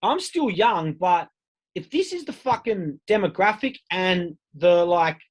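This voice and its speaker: A man's voice: high-pitched, expressive, measured pace. An Australian man in his thirties, a podcast guest telling his own story in a candid, casual way with plenty of swearing. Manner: candid, swears freely, acts out quoted voices.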